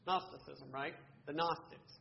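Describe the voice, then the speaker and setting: A man's voice: on the high side, steady tone, normal speed, gravelly, lo-fi sound, a little hiss or hum. A man teaching a Bible study class, earnestly asking questions and answering them himself, with frequent restarts.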